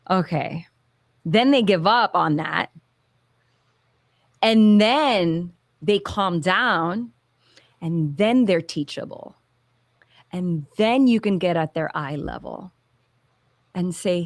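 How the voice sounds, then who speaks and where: A woman who founded a therapy clinic, explaining in an animated way and acting out parents and children in little quotes. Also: medium pitch, measured pace, no echo. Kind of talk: explanatory talk-show chat.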